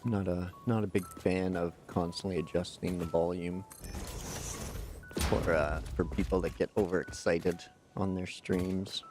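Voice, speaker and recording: A man's voice: sits low, steady tone, unhurried, over music. A Canadian man in his forties streaming a game, laid-back, muttering at the game and thanking viewers in chat. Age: 40s. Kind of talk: live gameplay commentary with chat.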